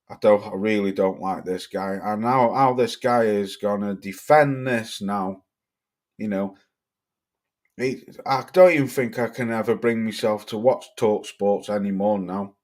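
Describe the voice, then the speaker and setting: A man's voice: fairly low pitch, unhurried, darkish tone. A man from Cheshire, hosting a livestream, reading chat comments and ranting bluntly with plenty of swearing. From Cheshire, England. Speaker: livestream host.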